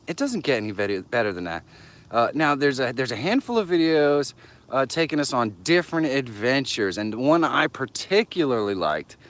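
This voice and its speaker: An upbeat man hosts a live stream while walking outside, a little out of breath. He greets viewers by name with sudden upward jumps in pitch. His voice sits at an average pitch for a man. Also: fairly bright tone. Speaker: livestream host. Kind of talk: casual live stream chat. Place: outdoors, walking.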